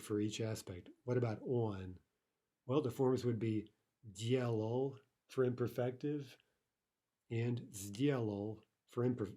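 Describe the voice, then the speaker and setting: Male instructor, mellow and relaxed voice, steady mid pitch, patient explainer. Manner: explains patiently, often checks in with "right?". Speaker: language teacher. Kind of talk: recorded grammar lesson.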